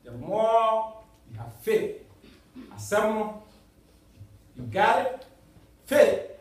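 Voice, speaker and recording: A man with a Ghanaian accent preaching a sermon as a church elder, mixing English and Twi and swinging from loud cries to low murmurs. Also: big pitch swings, extremely slow. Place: church sanctuary. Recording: echoey hall, voice from far off.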